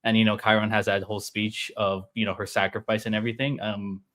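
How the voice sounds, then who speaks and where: A man joining as a guest panelist, talking in an excited, rambling way over a video call. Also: fairly low pitch, fast talker. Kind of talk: casual fan discussion.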